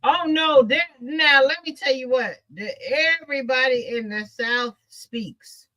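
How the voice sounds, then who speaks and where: A woman from the Midwestern United States chatting casually about family trips south, laughing often and telling lively stories. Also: sits high, unhurried. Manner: laughing, animated storytelling with dialect. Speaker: host. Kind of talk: casual chat while sewing.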